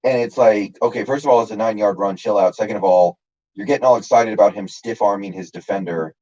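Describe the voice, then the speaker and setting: On this live stream, a man with a lowish, warm voice speaks quickly through dull-sounding audio. He rambles casually, answers viewers by name, and leans heavily on fillers.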